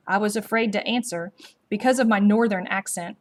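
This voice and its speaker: A woman reads a storybook aloud at a slow, measured pace. Her delivery is gently expressive, with her voice pitched in the ordinary middle range for a woman. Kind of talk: storybook read-aloud narration.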